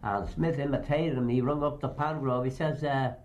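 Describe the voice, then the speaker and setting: A man's voice: medium pitch, steady tone, moderate pace, a little mellow, highs cut off. An older man recounting anecdotes in a rambling, anecdotal way, acting out the voices of the people he quotes. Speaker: storyteller. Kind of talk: oral history reminiscence.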